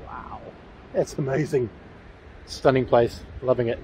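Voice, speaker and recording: A man's voice: mid-range voice, normal speed, warm tone, a little hiss or hum, low-quality recording. A man with a New Zealand accent, vlogging outdoors near a railway tunnel in a chatty, enthusiastic, rambling way, with plenty of fillers. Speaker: paranormal vlogger. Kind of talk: casual outdoor vlog.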